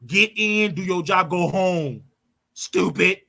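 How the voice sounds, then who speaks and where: Blunt high-voiced man ranting advice. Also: slow pace, creaky, bright, forceful tone. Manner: blunt, preachy, repeats his points for emphasis. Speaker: show host. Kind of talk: casual advice rant.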